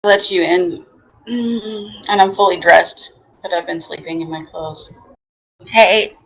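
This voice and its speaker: A woman's voice: lowish voice, fairly even intonation, slow, rough recording. A woman playing her character at a tabletop game, wry and dry. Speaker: player. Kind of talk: tabletop role-play, casual.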